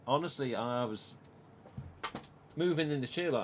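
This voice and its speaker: An English man in his forties hosts a casual live-stream chat at a moderate pace, pausing often in a medium-pitched voice. He's animated, swears a lot and quotes his own words, with a little hiss or hum in the audio.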